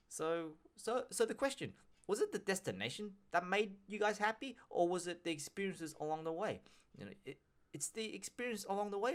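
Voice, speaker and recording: A man's voice: a little high, a bit bright. Rambling man podcasting solo. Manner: rambling, frequent restarts, slangy and profane. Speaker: podcast host. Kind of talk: casual solo podcast monologue.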